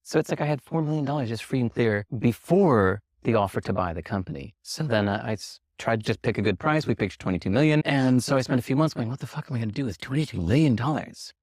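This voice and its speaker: A man in an interview tells his story in a mid-pitched voice, acting out quoted conversations with sudden leaps upward and a laugh here and there. The recording is dry and close to the mic, with no room sound. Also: quick pace, hardly any pauses, no room sound. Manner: animated, acts out quoted dialogue with lively jumps in pitch. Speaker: interview guest. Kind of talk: casual storytelling.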